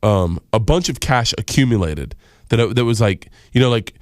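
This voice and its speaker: A male comedian telling rambling stories as a guest in a radio studio, laughing often and jumping up in pitch when quoting people. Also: expressive, normal speed, no room sound. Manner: rambling, laughing, jumps high for quoted voices. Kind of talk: casual radio interview storytelling.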